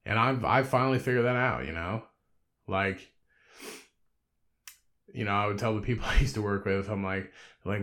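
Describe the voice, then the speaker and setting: A man in his thirties talking alone on his podcast with a somewhat low voice. He rambles in a laid-back, conversational way, swears nearly every sentence and breaks into laughs. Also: normal speed, long pauses, fairly bright tone. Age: 30s. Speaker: podcast host. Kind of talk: solo podcast monologue.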